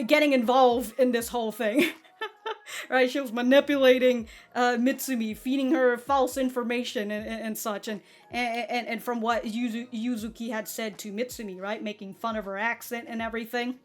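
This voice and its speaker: A woman hosting an anime reaction video, talking casually with frequent laughs and stumbles. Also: a little high. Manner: chatty, laughs often, stumbles and restarts. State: feeling hot.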